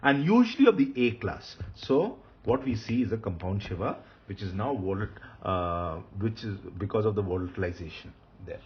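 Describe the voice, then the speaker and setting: A man giving a recorded grammar lesson, explaining step by step and repeating each term slowly. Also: lowish voice, expressive. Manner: methodical, repeats terms slowly. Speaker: Hebrew grammar teacher. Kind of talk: recorded lecture. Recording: dull lo-fi sound with faint hiss.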